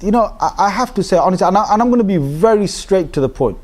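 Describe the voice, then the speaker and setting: Male lecturer with a slightly raised pitch, telling lively stories and laughing as he talks. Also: quick pace. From Britain. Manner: lively, laughs often, mimics other speakers. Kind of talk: animated storytelling lecture.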